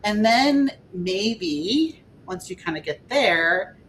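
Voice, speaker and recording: A woman guesting as a spiritual life coach on a podcast, talking in a gentle, earnest, reflective way. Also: mid-range voice, lively intonation, slow, a little hiss or hum. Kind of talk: podcast conversation.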